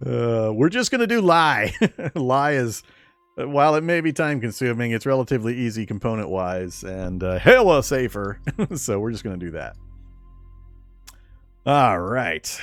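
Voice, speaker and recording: A man's voice: medium pitch, expressive, moderate pace, no echo, soft background music. A man giving casual, rambling commentary on his survival game run, often chuckling and correcting himself mid-sentence. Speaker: game streamer.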